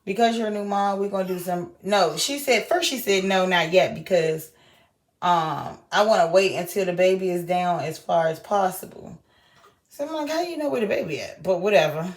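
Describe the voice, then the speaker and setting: A young woman vlogging, telling a story in a lively way and acting out everyone's lines. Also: lowish voice, normal speed. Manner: animated retelling, acting out quoted voices. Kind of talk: casual storytelling vlog.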